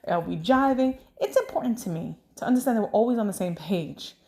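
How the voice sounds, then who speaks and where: A woman in her thirties chatting casually at home, telling a story with lively energy. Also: mid-range voice, brisk. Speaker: vlogger. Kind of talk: casual chat. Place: home kitchen.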